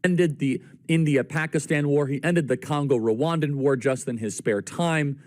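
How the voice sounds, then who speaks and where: A man's voice: on the high side, normal speed, a little mellow. A man giving political commentary, confidently listing points and speaking directly to his viewers. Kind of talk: talk show commentary.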